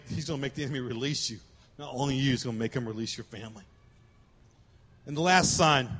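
A man preaching a sermon as pastor, animated, acting out the voices of God and Pharaoh. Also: high voice. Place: church sanctuary. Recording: church hall with long reverb.

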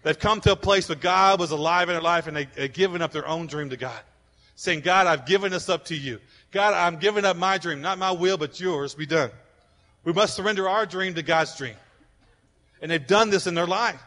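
High-voiced, bright-toned preaching man in a hall. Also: moderate pace. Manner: fervent preaching, rising to loud declarations. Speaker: pastor. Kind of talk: sermon. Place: church sanctuary. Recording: long reverb of a large hall.

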